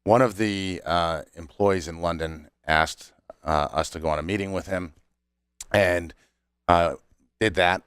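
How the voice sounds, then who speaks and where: A man's voice: low voice, measured pace, a bit bright, clean tone, no echo, studio quality. A man who runs a cigar company, a guest on a podcast, telling stories casually and laughing between lines. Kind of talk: casual storytelling chat.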